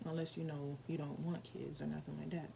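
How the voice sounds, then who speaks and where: A woman's voice: deep voice, flat delivery, fairly quick, gravelly, noisy background. A young woman vlogger telling a personal story in a rambling, casual way, full of fillers and restarts.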